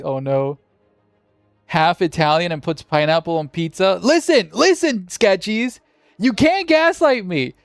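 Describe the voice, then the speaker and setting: A man's voice: sits high, no echo, studio quality. A man hosting a game tournament on a livestream, chatting casually and joking with viewers, swearing now and then.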